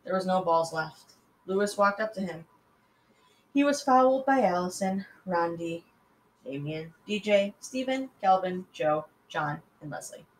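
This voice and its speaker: A woman's voice: fairly low pitch, a little slow, a little hiss or hum, poor audio. Woman reading a children's book aloud. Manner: lively, expressive storytelling. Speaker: reader.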